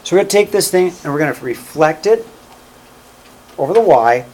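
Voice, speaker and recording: A man's voice: on the high side, lively intonation, fairly quick, a little mellow, slight background noise. A man teaching a math class in a classroom, walking through each step aloud and checking in with "okay?" and "right?". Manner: counts out steps aloud while working. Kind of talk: classroom lecture.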